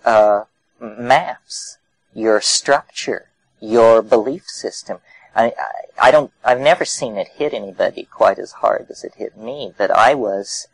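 American man, forties, wry conversational lecturer with a mid-pitched voice, close and dry. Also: no echo, poor audio. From United States. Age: 40s. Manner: wry, conversational storytelling with vivid analogies. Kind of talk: public lecture.

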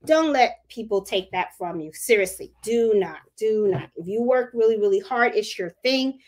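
A woman's voice: mid-range voice, expressive, moderate pace, a little mellow. A woman with a Puerto Rican accent hosting a casual live stream about sewing, chatting and repeating herself for emphasis. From Puerto Rico. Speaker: crafting channel host.

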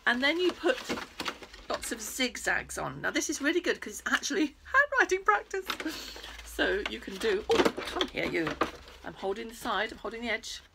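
A British woman presenting a crafting lesson for young children, animated and playful, speaking straight to the kids. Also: a little high, moderate pace, vocal fry, heavy background noise. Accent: British English.

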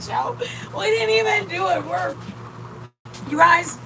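High-voiced, rambling woman vlogger. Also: slow pace, long pauses, background noise. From Michigan. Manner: rambling, chatty, laughs often. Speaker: vlogger cooking with her partner. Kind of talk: casual live-stream chat. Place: RV campsite during a rainstorm.

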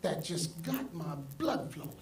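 A male pastor preaching a sermon, swinging from soft asides to loud exclamations. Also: a little high, big pitch swings, unhurried, recorded from a distance. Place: church sanctuary. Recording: echoey church hall, mic from afar, congregation audible. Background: congregation.

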